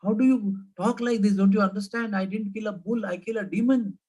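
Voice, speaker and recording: An earnest young divine hero, voiced by a man telling the story protests and pleads in a voice pitched well up. He sounds defensive yet eager to please. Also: steady tone, fairly quick, darkish tone, breathy edge, rough recording. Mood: protesting.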